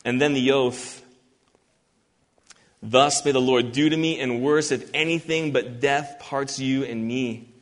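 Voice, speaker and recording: A man preaching an expository sermon, earnest and emphatic, reading scripture slowly. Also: mid-range voice, fairly even intonation. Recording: long hall reverb.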